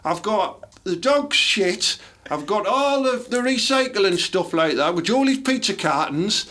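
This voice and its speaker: A man's voice: high-pitched, expressive, unhurried, sharp tone. A man with a Teesside accent hosting a podcast, full of crude, cheeky banter and swearing. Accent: Teesside English. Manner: cheeky, swears freely, laughs often. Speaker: podcast host.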